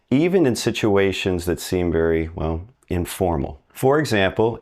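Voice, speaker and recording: A man with a very low voice teaches a recorded language lesson. He talks in an upbeat, conversational way, quizzes the listener and stretches out example phrases slowly so they can repeat them. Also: darkish tone. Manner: asks the learner questions and pauses for answers. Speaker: Spanish teacher.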